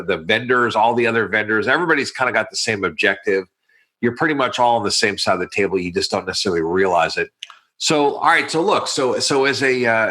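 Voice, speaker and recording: A man's voice: medium pitch, bright, forceful tone. A man hosting a podcast interview, talking casually and repeating words as he thinks aloud. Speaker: podcast host.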